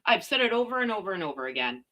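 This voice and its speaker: Middle-aged woman from Canada, casual ranting vlogger, sarcastic and slangy, bright animated voice. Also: mid-range voice, racing. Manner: blunt, sarcastic, slangy, mild swearing. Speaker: commentary vlogger.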